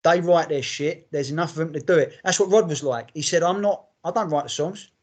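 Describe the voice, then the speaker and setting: Blunt, sweary man, slightly high. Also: fairly quick. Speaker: podcast co-host. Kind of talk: casual chat.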